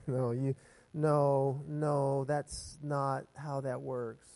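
A man preaching a sermon, reading scripture aloud and explaining it in a conversational way with fillers and restarts. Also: slow pace. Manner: reads scripture aloud with lively pitch swings. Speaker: pastor.

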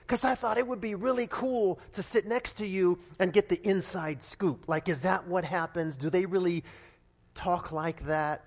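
High-voiced preacher in a reverberant hall. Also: male voice, moderate pace. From Nevada, United States. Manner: lively storytelling with restarts and sudden loud bursts. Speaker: pastor. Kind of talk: sermon.

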